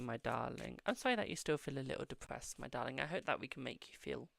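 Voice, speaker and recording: Very gravelly man reading tarot. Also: mid-range voice, brisk, few pauses, fairly bright tone. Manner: affectionate, calls viewers "my darling". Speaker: tarot reader hosting a live stream. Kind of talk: casual live-stream tarot readings.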